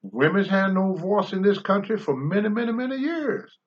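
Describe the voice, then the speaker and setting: Blunt older man preaching with lively pitch. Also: normal speed, lo-fi sound. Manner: blunt, preachy, swings from low mutters to loud outbursts. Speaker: podcast host, former wrestler. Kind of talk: candid talk-show commentary.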